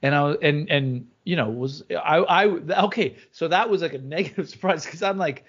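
A man's voice: on the high side, normal speed, fairly bright tone, slightly rough. A man in his thirties, a father co-hosting a podcast, talking casually with lots of stops, restarts and fillers. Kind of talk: casual chat. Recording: slightly muffled recording.

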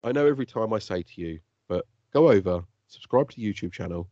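A man co-hosting a casual podcast, excitable and teasing, laughing often. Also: on the low side, fast talker, dry recording. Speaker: podcast co-host. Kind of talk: casual chat. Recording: dull lo-fi dry podcast audio.

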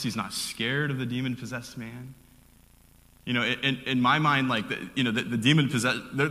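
A man's voice: mid-range voice, pushed and bright. A man preaching a casual, conversational sermon, telling the story with lots of fillers and restarts. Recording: hall with long reverb.

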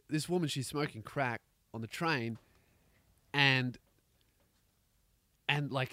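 Australian man, comedy rant, swearing a lot, bright tense voice, dry close sound. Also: fairly high pitch, dry recording. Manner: profane, rambling, animated. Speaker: comedian podcast host.

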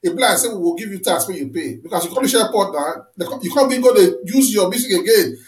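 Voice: medium pitch, animated, fast talker. An interviewer with a Nigerian Pidgin accent asking long, winding questions. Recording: roomy echo.

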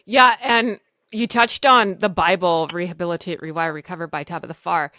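A woman's voice: on the low side, steady tone, moderate pace, bright, forceful tone, no room sound. A woman podcast host chatting casually and bluntly, swearing freely and laughing often.

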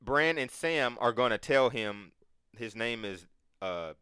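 Male talker, bright crisp voice, dry close sound, animated and profane, acts out quotes. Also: mid-range voice, slow pace, no room sound. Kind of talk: casual chat.

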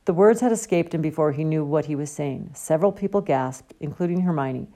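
A woman reading a novel aloud as an audiobook, with steady storytelling delivery. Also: sits low, a little fast. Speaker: audiobook reader. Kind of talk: audiobook narration.

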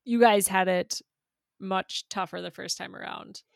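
A woman guest chatting casually on a podcast, speaking slowly and thoughtfully. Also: mid-range voice, fairly even intonation, vocal fry, no echo, clean studio sound. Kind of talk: casual chat.

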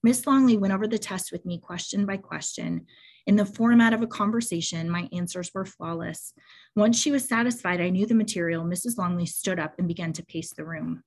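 A woman's voice: fairly low pitch, fairly quick, a little mellow. A woman co-hosting a show, reading a memoir excerpt aloud with feeling.

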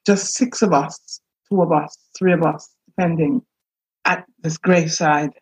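A woman minister giving an earnest, halting personal account, with many pauses and restarts, on a dull lo-fi recording. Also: low voice, steady tone, breathy edge. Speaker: minister and priest. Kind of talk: reflective personal testimony.

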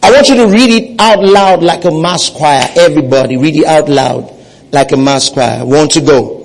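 A man's voice: on the high side, normal speed, creaky, rough recording. A man preaching a sermon, leading his congregation in call-and-response and repeating phrases for emphasis. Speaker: pastor.

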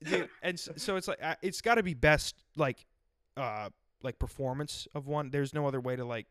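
A man's voice: a little high, moderate pace, a bit bright, smooth, no echo, clean studio sound. A man hosting a casual, profane chat and telling stories with a lot of animation. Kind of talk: casual crude banter.

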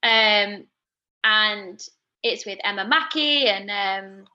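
An English actress guest in a casual interview, chatty and giggly. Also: female voice, mid-range voice, slow, bright, forceful tone, dull audio.

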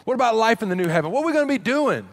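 High-voiced, joking pastor preaching. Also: male voice, sing-song, rapid-fire. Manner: humorous, conversational, dramatic drops to a hush. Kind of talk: sermon.

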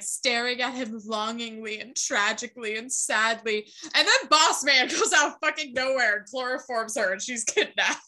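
Bright, chatty young woman recapping. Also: a little high. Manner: animated storytelling, acts out characters' lines, swears and laughs. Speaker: podcast co-host. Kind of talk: casual recap chat.

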